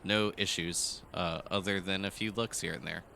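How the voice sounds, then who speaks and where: Forceful-voiced male game master. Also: deep voice, fairly even intonation, moderate pace, vocal fry, slight background noise. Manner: loose, rambling narration with many fillers. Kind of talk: narrating a tabletop game.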